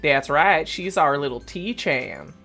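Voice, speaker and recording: A man's voice: fairly high pitch, big pitch swings, takes it slowly, vocal fry, faint music behind, heavily acted. Sherman, a man doing a bubbly Jersey tank girl. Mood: teasing. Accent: New Jersey. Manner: bubbly, shouting. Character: loud cheery female tank girl.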